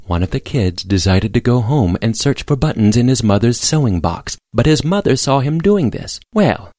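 A man narrating a simple storybook in a plain, measured reading style. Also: medium pitch, very animated, mellow, no echo, clean studio sound. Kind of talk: scripted audiobook narration.

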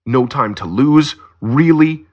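A man voicing a nervous, indignant male detective who shouts in a high, strained voice. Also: lively intonation, slow pace, muffled recording. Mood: angry shouting.

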